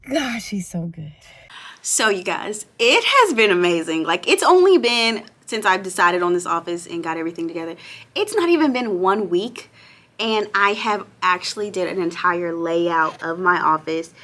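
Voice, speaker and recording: A young woman vlogging in casual chat to camera, excitable, breaking into squeals and exclamations. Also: fairly low pitch, moderate pace.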